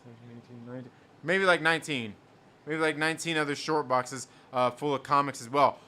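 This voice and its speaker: Casual male streamer reading chat; higher-than-average voice, repeats lines, quick to laugh. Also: steady tone, sharp tone. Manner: rambling, repeats himself, laughs often. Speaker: host reading live chat.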